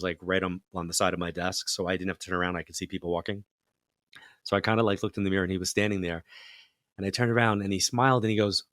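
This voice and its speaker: Deep-voiced and recorded dry with studio quality, a middle-aged man guesting as a psychic medium spins a story in a relaxed interview. Fillers abound, and he animatedly performs the voices he quotes.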